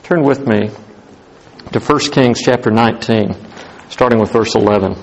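A man preaching a sermon as pastor, animated, rising to emphatic highs and dropping to hushed tones. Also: normal speed, vocal fry, low-quality recording.

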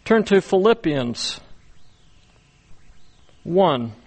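A man preaching a sermon, speaking deliberately with frequent pauses and repeated words as he walks through scripture. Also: sits high, very animated, darkish tone. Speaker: pastor.

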